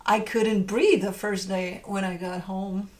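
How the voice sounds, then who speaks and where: A woman's voice: mid-range voice, flat delivery, measured pace. A woman host chatting casually and talking baby talk to her pets, with frequent laughter and a doting manner. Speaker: tarot reader host. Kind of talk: casual chat.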